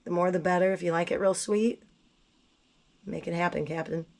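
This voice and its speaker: A woman's voice: fairly low pitch, steady tone, moderate pace, a little mellow. A woman with a cold making tea in her home kitchen, talking casually and bluntly to the camera with self-mocking asides. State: sick, voice not at its best. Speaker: gardening vlogger. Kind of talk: casual kitchen how-to chat.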